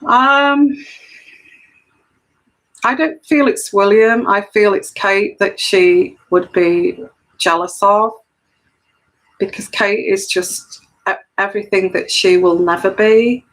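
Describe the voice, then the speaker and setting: Alone on camera, an intuitive tarot reader earnestly lays out her personal commentary, frequently repeating phrases for emphasis. Her fairly bright, mid-range voice moves slowly with frequent pauses, and the recording is rough.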